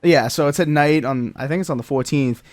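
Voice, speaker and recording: A man's voice: a little high, fairly quick, dry recording. A man hosting a casual gaming podcast, rambling with many fillers and reading out chat comments. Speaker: podcast host.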